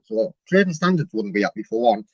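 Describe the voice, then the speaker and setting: A man's voice: mid-range voice, sing-song, fairly quick, creaky, a little mellow, slightly rough, no echo, muffled recording. Persistent man on a complaint call. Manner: persistent, chatty, mock-polite. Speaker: caller complaining to customer service. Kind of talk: live-streamed phone complaint.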